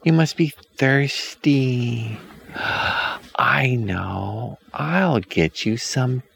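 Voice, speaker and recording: A man putting on a slow, sugary old witch woman. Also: mid-range voice, lively intonation, vocal fry, fairly bright tone, slightly rough, no room sound, voice pushed up, full character voice. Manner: slow, drawn-out, falsely sweet.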